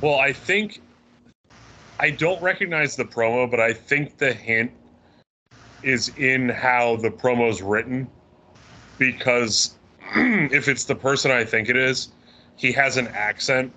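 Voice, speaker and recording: A man co-hosting a wrestling podcast, answering trivia in casual chat, thinking aloud and clearing his throat. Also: mid-range voice, expressive, slow, pauses often, sharp tone, rough recording.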